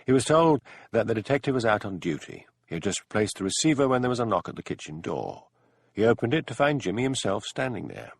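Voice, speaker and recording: A man narrating an audiobook in measured storytelling. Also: on the low side, sing-song, creaky, slightly rough, dry recording, clean studio sound. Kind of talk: scripted narration.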